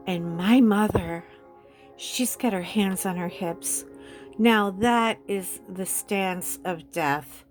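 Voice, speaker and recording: A woman hosting a coloring chat, telling a story casually with animated delivery and frequent laughter. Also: medium pitch, slow pace, faint music behind. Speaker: host.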